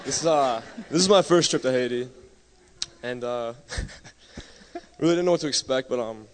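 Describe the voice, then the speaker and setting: A man's voice: mid-range voice, normal speed, a little hiss or hum. Hesitant man testifying in a reverberant hall. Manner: hesitant, many "uh"s, laughs lightly. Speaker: mission trip member giving testimony. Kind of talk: church testimony. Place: church sanctuary.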